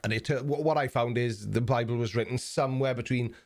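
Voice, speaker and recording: Rambling South Welsh man on a live stream. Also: medium pitch. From South Wales. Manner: rambling, halting, repeats words, blunt and mocking. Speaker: YouTube live stream host. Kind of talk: casual live stream chat reading viewer messages.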